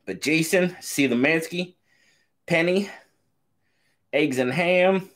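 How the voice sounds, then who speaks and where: A man's voice: on the high side, slow. Upbeat man hosting a live stream. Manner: upbeat, greets viewers by name, excited whoops. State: out of breath. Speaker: knife channel host. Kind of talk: casual live-stream chat.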